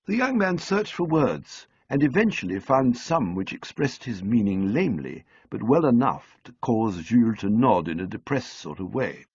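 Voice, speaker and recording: A man narrating an audiobook in a measured, dryly comic storytelling manner, on a close studio mic. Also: mid-range voice, sing-song, darkish tone, slightly rough, dry recording, lo-fi sound.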